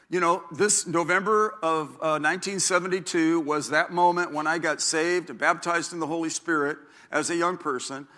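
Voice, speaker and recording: A man in his sixties, a pastor, preaching a sermon in a chatty, animated way, acting out quotes and stories. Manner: animated, chatty, acts out quotes with big pitch jumps.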